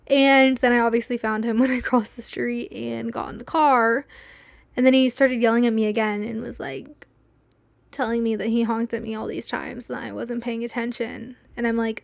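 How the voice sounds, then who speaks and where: A young woman hosting a podcast, telling a story in a rambling, animated way with many quoted asides. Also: fairly high pitch, fairly quick, vocal fry, dry recording. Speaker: podcast host. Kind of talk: casual solo storytelling.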